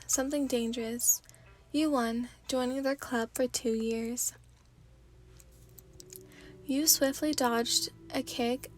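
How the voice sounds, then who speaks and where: A woman narrates a second-person fanfiction story in a gentle ASMR reading. Her voice sits on the high side and keeps an even storytelling flow.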